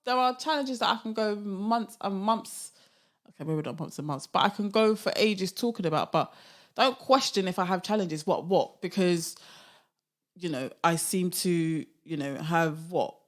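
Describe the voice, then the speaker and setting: A woman's voice: on the low side, normal speed. A young woman hosting her own podcast, talking casually and animatedly, often laughing and asking rhetorical questions. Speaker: podcast host. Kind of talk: casual solo podcast monologue.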